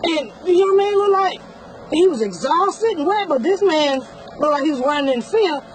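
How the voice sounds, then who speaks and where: A woman's voice: very high-pitched, expressive, moderate pace, a little hiss or hum, low-quality recording. A woman, a customer witness recounting events in a rambling, conversational way for a news interview.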